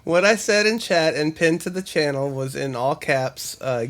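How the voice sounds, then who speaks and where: A man's voice: a little high, lively intonation, normal speed, fairly bright tone. A man co-hosting a podcast, chatting casually and laughing his way through stories. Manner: laughs while telling stories. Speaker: podcast co-host. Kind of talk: casual chat.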